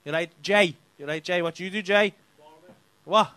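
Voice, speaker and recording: A man's voice: high-pitched, normal speed, bright, forceful tone. A male stand-up comedian doing crowd work, teasing people in the audience with sweary banter. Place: comedy club stage.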